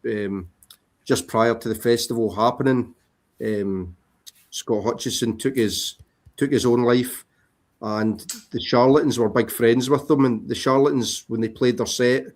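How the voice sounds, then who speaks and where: Hesitant male record collector on a video call, mid pitch, lots of ums. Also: steady tone, measured pace. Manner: rambling, hesitant with many ums. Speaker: vinyl collector showing records. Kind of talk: casual video call chat.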